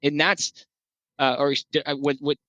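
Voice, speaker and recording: Man, podcast guest, animated, profane, bright tone, dry close mic. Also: fairly high pitch, unhurried, no echo. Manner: animated, profane, rambling with restarts. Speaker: podcast guest, veterans' nonprofit founder. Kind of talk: casual podcast conversation.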